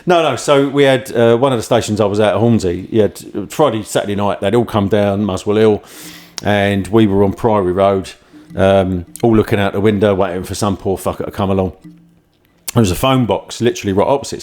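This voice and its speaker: A man, somewhat low-pitched, tells long, rambling stories in a loose podcast chat. He laughs through his own tales and slips into quick voices for the people in them. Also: a little mellow. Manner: rambling anecdotes, laughs often, acts out voices in quotes. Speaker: podcast host and former firefighter. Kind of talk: casual storytelling chat.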